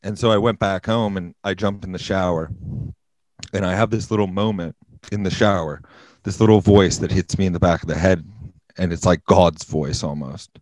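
A young man with a very deep voice tells a personal story, earnest and heavy on profanity. The sound is dry and close, with no room around it. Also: moderate pace, dry recording, rough recording. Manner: profane, deadpan-serious storytelling. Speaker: podcast guest. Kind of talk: casual storytelling.

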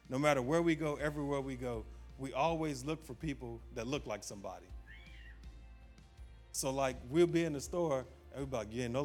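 A man's voice: mid-range voice, a little mellow. A man preaching a casual, humorous sermon as pastor, telling stories and laughing often, repeating phrases for emphasis.

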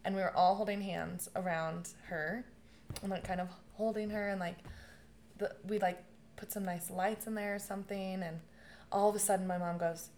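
Casual talk guest: young woman, animated storyteller, laughs a lot, swears freely. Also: medium pitch, normal speed. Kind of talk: casual chat.

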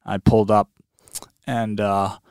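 Low, smooth-voiced man telling a story. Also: takes it slowly, no echo, studio quality. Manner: animated, heavy on fillers like "like" and "man". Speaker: guest recounting a long lake swim. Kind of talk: casual storytelling.

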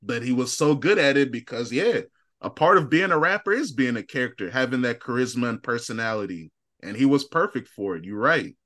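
A man's voice: mid-range voice, a little fast. Laughing, slangy man in his thirties. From Chicago. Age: 30s. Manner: laughs often, slangy and animated storytelling. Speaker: podcast co-host. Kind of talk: casual chat.

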